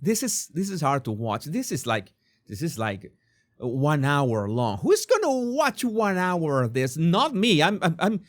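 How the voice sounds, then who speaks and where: A man with a Spanish accent, a native Spanish speaker, hosting a commentary channel in a casual, animated way, often stammering and repeating words. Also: a little high, measured pace.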